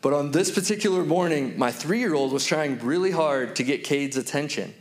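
A man in his thirties delivering a sermon with a slightly higher-than-usual voice. He tells stories from family life and slows down hard on repeated key phrases. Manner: storytelling with slow, emphatic repetitions. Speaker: pastor.

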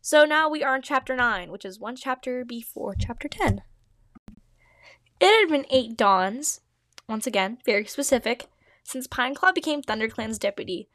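A woman reads her old fanfiction aloud as host, breaking in often with giggly, self-mocking asides. Her voice sits fairly high. The sound is dry and close, with no room echo. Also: expressive, normal speed, fairly bright tone. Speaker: podcast host. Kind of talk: reading own old fanfiction with commentary.

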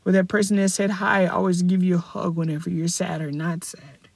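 Young man, podcast host, high-pitched, husky rasp, dry close mic, rambling rhetorical questions. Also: level tone, a little fast, no echo. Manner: upbeat, rambling, self-correcting, asks rhetorical questions. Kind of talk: casual solo podcast talk.

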